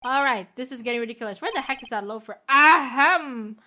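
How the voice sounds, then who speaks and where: A woman's voice: fairly high pitch, rapid-fire, pushed and bright, slight background noise. A woman streaming a game, chatting and thanking new followers. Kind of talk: casual game stream chat.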